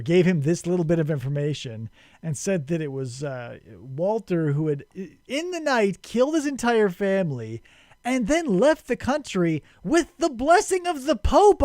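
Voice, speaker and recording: Lively, sarcastic male podcast host. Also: high voice, dry recording, studio quality. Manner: rambling, sarcastic, profane. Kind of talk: casual chat, retelling a story.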